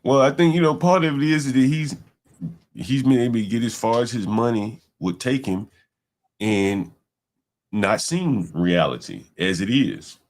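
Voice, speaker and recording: A man's voice: mid-range voice, expressive, measured pace. A man hosting a livestream, talking in a rambling, loose way with casual profanity. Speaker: livestream host.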